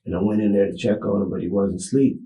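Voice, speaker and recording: A man's voice: on the low side, steady tone, warm tone. Rambling man in an echoey interview room. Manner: rambling, halting, restarts with "you know what I'm saying". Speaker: suspect being interviewed by detectives. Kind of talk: recorded police interview.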